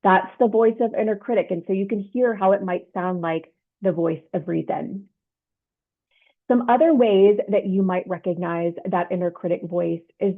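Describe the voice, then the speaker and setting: A woman leadership coach giving an instructional self-help talk, explaining step by step and often checking in with "right?". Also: medium pitch. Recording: tinny phone-like sound.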